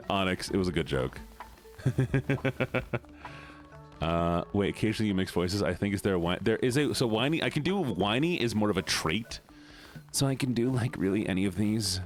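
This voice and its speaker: A man's voice: lowish voice, expressive, normal speed, soft background music. A man streaming a video game, chatting casually with his viewers in a rambling, talkative way. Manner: chatty, talks to chat, rambling asides.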